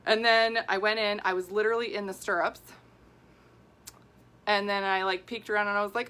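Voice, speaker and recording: A woman in her forties, a women's health coach, talking casually in a live video, animated and worked up as she answers viewer comments. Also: mid-range voice, a little fast, long pauses. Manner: animated and worked up, laughing, acting out quoted people.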